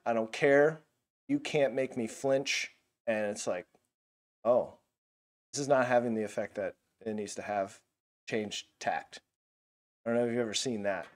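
A man teaching a Bible lesson in a casual, animated way, full of fillers like "like". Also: on the low side.

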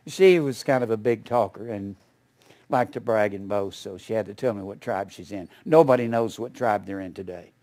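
A man's voice: fairly low pitch, normal speed, darkish tone. Folksy older man teaching a Bible study. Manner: folksy, rambling, with asides and chuckles.

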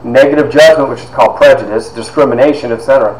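Animated male storyteller in an echoey room. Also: mid-range voice, quick pace, crowd noise. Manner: animated storyteller, drops to hushed asides. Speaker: university instructor. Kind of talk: storytelling lecture to a class.

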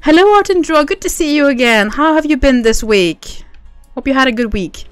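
A woman's voice: high voice, lively intonation, normal speed, no echo, soft background music. A young woman streaming a game, chatting casually and bubbly, greeting viewers by name and laughing often. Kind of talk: casual livestream chat.

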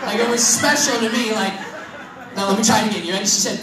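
A man's voice: high voice, steady tone, fast, fairly bright tone, a little hiss or hum. A young man from Missouri, preaching a sermon as a casual, joking, self-deprecating personal story. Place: church hall. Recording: echoey hall from far off.

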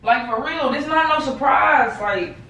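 A woman's voice: sits high, a little slow, pushed and bright. A young woman arguing angrily and repeating herself, cursing in casual slang, filmed on a phone in a small room. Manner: angry, repetitive, cursing, slangy. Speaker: vlogger being pranked. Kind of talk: casual heated argument. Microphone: phone camera. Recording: roomy, distant phone recording with some noise.

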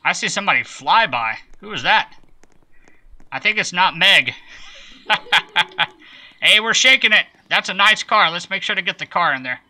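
A man's voice: high-pitched, animated, moderate pace, pauses often, bright, forceful tone, rough recording. A man hosting a live game stream, chatting playfully and greeting viewers by name as he plays.

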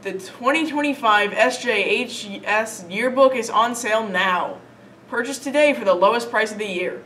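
A woman anchoring scripted school announcements in a steady, read-aloud delivery. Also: fairly high pitch, normal speed. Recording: distant mic with faint noise.

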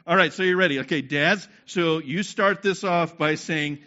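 In a dull, lo-fi recording, a man delivers a sermon, taking the crowd through a group exercise and often asking "okay?" to check in. As a pastor, he speaks at a moderate pace in a slightly high, pushed, bright voice.

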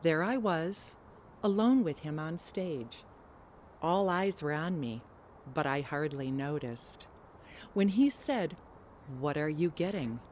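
A woman telling a personal story to a live showcase, earnest and emotional. She speaks slowly in a somewhat low voice. A faint hum sits behind her. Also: expressive, a little mellow.

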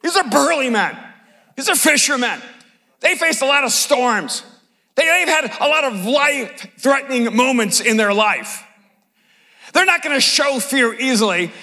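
A middle-aged male pastor preaching a sermon at a conference, telling the story with humor and sudden shouted lines. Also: very high voice. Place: large conference hall. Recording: long hall reverb.

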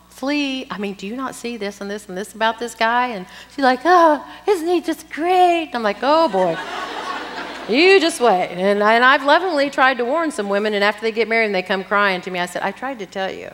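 Middle-aged woman speaker, animated sermon, asides to the audience, long hall echo. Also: mid-range voice. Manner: lively teaching with asides to the audience. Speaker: women's conference speaker. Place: conference hall.

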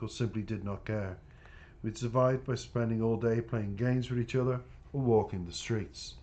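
A man, an author reading his own book aloud in an unhurried first-person narration with small stumbles. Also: fairly low pitch, darkish tone.

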